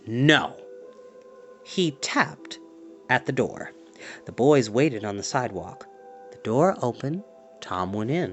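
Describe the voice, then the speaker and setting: A man reading a storybook aloud as a storyteller, expressive and dropping to a hush at tense moments. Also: mid-range voice.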